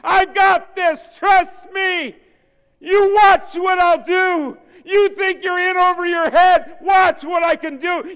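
A preacher voicing God as a mighty, loving deity who speaks with bold reassurance. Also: male voice, very high-pitched, fairly bright tone, voice pushed up, full character voice. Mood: commanding. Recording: long hall reverb.

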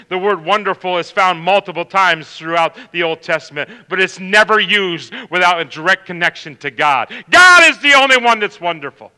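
A man preaching a sermon as pastor, swinging from loud emphatic calls to hushed low passages. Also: expressive, normal speed, hardly any pauses, smooth, long reverb tail, rough recording.

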